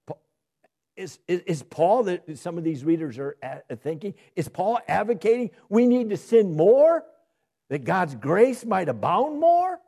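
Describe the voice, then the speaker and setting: A man's voice: high voice, very animated, warm tone. A man preaching an expository sermon, reading scripture aloud emphatically and posing rhetorical questions to his listeners. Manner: reads scripture aloud slowly and emphatically, then explains it; asks and answers rhetorical questions.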